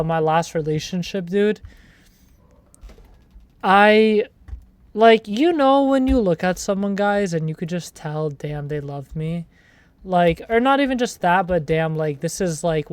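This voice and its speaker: A man's voice: high-pitched, darkish tone, slight background noise. A young man giving casual gameplay commentary, rambling in slang with sudden startled outbursts. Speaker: gaming streamer.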